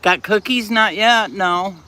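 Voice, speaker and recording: A man's voice: high voice, slow, pushed and bright. A man hosting a casual livestream, chatting and answering viewer comments aloud. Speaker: livestream host. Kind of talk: casual live chat.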